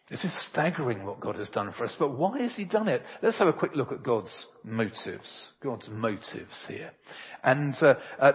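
A man preaching. His voice is very husky and his pitch swings widely as he presses his points. He sounds earnest and emphatic, and the sound is dull and lo-fi, with a long reverb trailing off each phrase. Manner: earnest and emphatic, tells homely anecdotes. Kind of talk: sermon.

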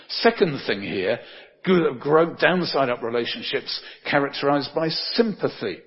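A man's voice: medium pitch, expressive, normal speed. A man, a pastor, preaching a conversational sermon full of tag questions like "don't they?". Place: church. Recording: dull sound with long church reverb.

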